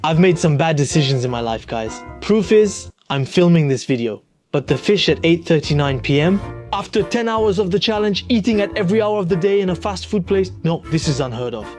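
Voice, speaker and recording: A man's voice: a little high, expressive, brisk, darkish tone. A young man vlogging a food challenge, tired and overfull, narrating with self-mocking jokes and dramatic complaints. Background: music.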